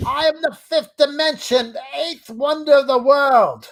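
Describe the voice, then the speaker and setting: A man's voice: extremely high pitch, unhurried, fairly bright tone, pitched above the performer's own voice. A man doing a boastful mongoose spirit. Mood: grandiose. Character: boastful talking mongoose spirit, male, grandiose.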